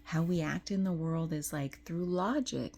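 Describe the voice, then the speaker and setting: A middle-aged woman giving an intuitive tarot reading to camera. She is tearful and tender, and drifts into soft whispers when she is moved. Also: low voice, moderate pace, creaky. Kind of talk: emotional spiritual talk to camera.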